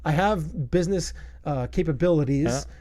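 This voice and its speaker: A man's voice: a little high, normal speed, mellow. A man co-hosting a casual movie podcast, rambling and self-deprecating. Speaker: podcast co-host. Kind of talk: casual chat.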